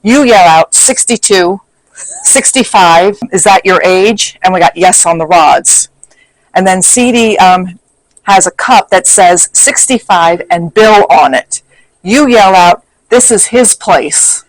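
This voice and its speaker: A man with a high, light voice reads back his notes from a ghost hunt, quoting each question and answer in turn. The sound is close and dry, with no room around it. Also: slow, no room sound, poor audio. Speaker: paranormal investigator. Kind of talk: casual recap of an investigation.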